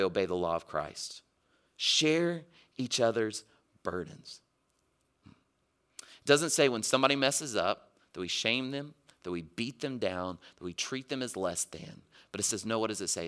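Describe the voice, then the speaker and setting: A man preaching a sermon, earnest, moving between raised urging and soft, quiet pleading. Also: mid-range voice, clean tone. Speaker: pastor.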